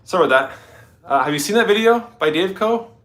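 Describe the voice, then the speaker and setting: A man's voice: high-pitched, animated, fast talker, fairly bright tone. A Canadian man hosting a casual live stream, rambling chattily to his viewers and his dog, a little stuffy. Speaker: livestream host.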